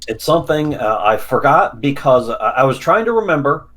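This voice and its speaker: A man's voice: mid-range voice, sing-song, normal speed, fairly bright tone. A man co-hosting a casual comedy podcast, talking loosely with swearing and thoughts that trail off. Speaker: podcast co-host.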